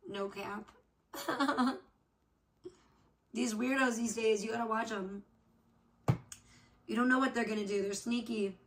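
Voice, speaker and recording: A woman's voice: on the high side, fairly even intonation, a little slow, long pauses, a bit bright. A woman hosting a casual livestream chat off camera, rambling to her viewers, swearing freely and trailing off with "I don't know.". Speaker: livestream host. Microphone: off camera, not seen.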